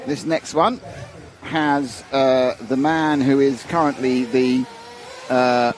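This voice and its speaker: A man's voice: mid-range voice, little pitch movement, takes it slowly. A man commentating live on a model car race, chatty and jokey, thinking aloud as he goes.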